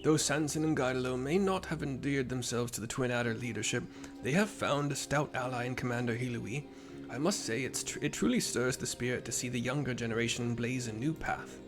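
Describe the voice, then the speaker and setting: A man's voice: mid-range voice, a little fast, hardly any pauses, over music, natural voice. A man reading the lines of a wise old male mentor in a game, in a reflective, formal way.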